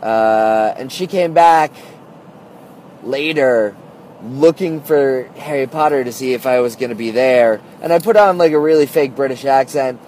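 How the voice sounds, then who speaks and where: A man's voice: mid-range voice, measured pace, darkish tone, a little hiss or hum. A man telling a story in a casual, rambling monologue, full of "like" and "uh", recorded on a phone. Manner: rambling, heavy use of "like" and "uh".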